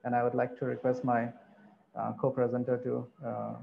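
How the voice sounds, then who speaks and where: A man giving an academic conference presentation, pausing often with fillers. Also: mid-range voice, monotone, gravelly. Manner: halting, frequent filler pauses. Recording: dull lo-fi recording, faint noise.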